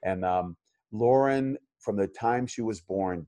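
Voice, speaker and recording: A man's voice: low voice, measured pace, dark tone, no room sound. A middle-aged man, a chiropractor and coach, talking in a casual interview, rambling with many fillers and restarts.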